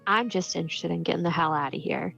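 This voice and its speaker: A woman voices a self-absorbed convict woman in a tabletop game. Her gravelly voice is curt and dismissive, heard through a dull, lo-fi mic. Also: lowish voice, quick pace, bright, forceful tone, soft background music, heavily acted. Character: self-absorbed, disdainful female convict fighter.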